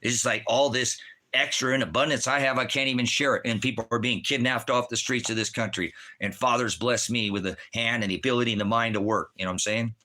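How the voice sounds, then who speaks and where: Middle-aged male online preacher, furious profane rant, bright forceful voice. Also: medium pitch, steady tone, fast talker. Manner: profane, fiery, heavy swearing. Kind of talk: angry ranting monologue. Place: rural home.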